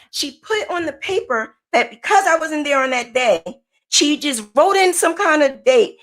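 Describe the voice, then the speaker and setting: Animated woman telling a personal story. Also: sits high. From United States. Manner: animated, emphatic, repeats points. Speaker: podcast host. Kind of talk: casual storytelling.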